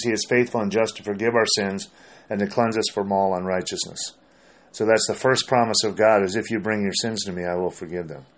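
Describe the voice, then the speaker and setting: Older pastor guy, deep voice, relaxed storytelling about prayer. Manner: relaxed, storytelling, quotes scripture. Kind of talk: casual conversation about faith.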